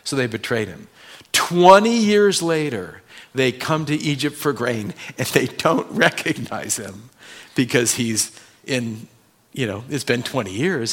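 A male pastor preaching a sermon in a church, swinging between loud emphasis and hushed tones. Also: medium pitch. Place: church sanctuary.

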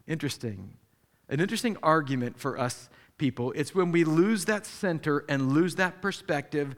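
Guy pastor preaching, kinda high voice, acts out every quote big, long echo like a church hall. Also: sharp tone. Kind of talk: sermon.

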